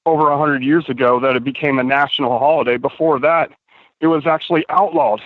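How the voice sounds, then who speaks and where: A man's voice: a little high, no echo. A man calling in to a show, talking earnestly in a rambling way with many fillers, a little out of breath while walking outdoors in the cold. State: slightly out of breath. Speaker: caller. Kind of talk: casual call-in chat. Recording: tinny dry phone line.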